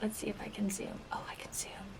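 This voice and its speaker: A woman recalling her time as a game show contestant in a casual reaction video, chatty and full of filler words, sometimes dropping to a soft whisper. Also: fast talker. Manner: chatty storytelling, lots of filler "like".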